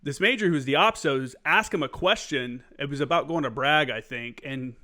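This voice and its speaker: A man's voice: fairly high pitch, moderate pace, sharp tone. A man hosting a podcast, a former Marine sergeant, chatting candidly and swearing casually. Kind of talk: casual chat.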